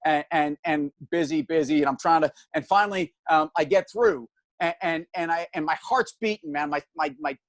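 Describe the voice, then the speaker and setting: This is a man in his fifties with a fairly high voice, hosting a casual show. He tells stories with animation, slipping into the voices of the people in them. The sound is close and dry. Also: moderate pace, no room sound. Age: 50s. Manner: animated storyteller, acts out voices. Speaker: show host. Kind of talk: casual chat, storytelling.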